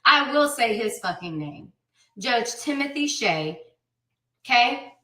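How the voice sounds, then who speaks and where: A woman in her thirties tells her story bluntly and without filter, swearing freely and hammering her points home. Her voice sits fairly high and sounds sharp and bright. It carries the echo of a roomy space, with the mic some distance away. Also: lively intonation, takes it slowly. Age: 30s. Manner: blunt, profane and emphatic. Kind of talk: candid personal account.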